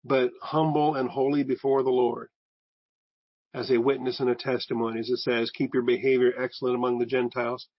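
Male Bible teacher, casual lecturing style, mid-pitched voice, dry slightly muffled sound. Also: no room sound. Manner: conversational, restarts phrases, explains Greek terms.

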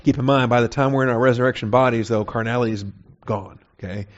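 A man's voice: mid-range voice, fairly even intonation, fast talker. A man pastor teaching through a Bible passage in a conversational sermon style, asking rhetorical questions and checking in with "okay?". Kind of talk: expository sermon. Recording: slightly muffled, dull recording.

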